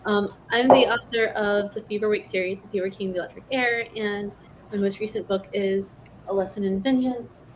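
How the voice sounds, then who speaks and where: A woman's voice: mid-range voice, steady tone, normal speed. Friendly woman author on a noisy call. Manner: friendly, with filler ums and uhs. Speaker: author guest. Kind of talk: introducing herself on a panel. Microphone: video call.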